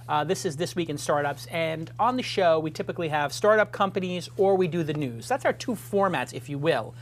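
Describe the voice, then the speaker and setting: A man's voice: fairly high pitch, a little fast, hardly any pauses, a little hiss or hum. A man hosting a casual studio talk show, chatty and rambling, with jokey self-deprecating asides.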